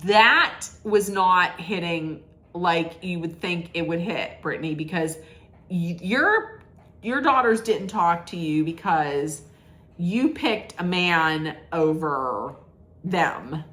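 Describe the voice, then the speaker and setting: A woman's voice: lowish voice, slow, fairly bright tone. A woman giving a casual, sassy recap rant, rambling with many restarts. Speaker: reality TV recap vlogger.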